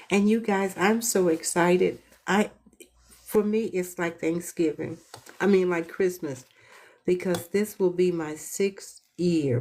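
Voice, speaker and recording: Woman host, low voice, unhurried delivery, earnest, heartfelt, casual talk. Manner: earnest, heartfelt, animated when storytelling.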